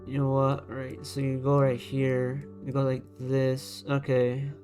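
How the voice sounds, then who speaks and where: With faint music behind him, a man speaks unhurriedly in a medium-pitched, darkish, completely flat voice into a desk microphone. He's a YouTuber ranking designs in casual screen-recorded commentary, blunt and repetitive, thinking aloud while dragging items and keeping his voice down so he won't overload the mic.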